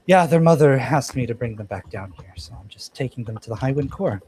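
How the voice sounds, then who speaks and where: A brisk, matter-of-fact guild warrior woman with a big sword on her back, in a tabletop game, voiced by the man running it. She reports in short, businesslike lines without much fuss. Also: mid-range voice, expressive, a little mellow, a little hiss or hum, close to an everyday voice.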